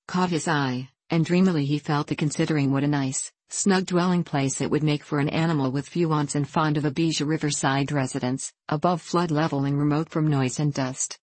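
A woman reading a storybook in a measured, gentle way. Her voice sits low, and the recording is dry with no room sound. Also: dry recording, low-quality recording. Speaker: narrator.

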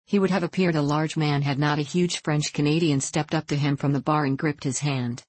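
Audiobook narrator, woman, low voice, dry close sound, steady measured read. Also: no room sound. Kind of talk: scripted narration.

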